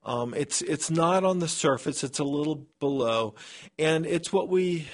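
A man's voice: on the high side, measured pace. A man, a scientist, being interviewed on public radio from a remote studio, talking with hesitant restarts.

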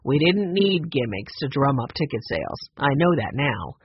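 A man's voice: medium pitch, sing-song, moderate pace, slightly rough, no room sound, lo-fi sound, pitched below the performer's own voice. A man voicing a sheepish, guilty theater worker in an audiobook.

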